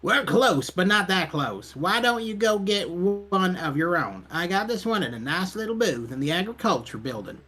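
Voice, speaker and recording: A breezy, cocky fairgoer teases from behind his cigar, as a man reads his lines in a playthrough. The voice is husky and lively, rising and falling freely. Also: sits high, normal speed, hardly any pauses, voice pushed up, exaggerated voice. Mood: teasing.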